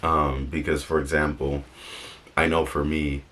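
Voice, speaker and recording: Pitched extremely low yet fairly bright, his voice stays level and a little slow. The young vlogger rambles through motivational chatter, fixing his own words and cracking jokes on the side.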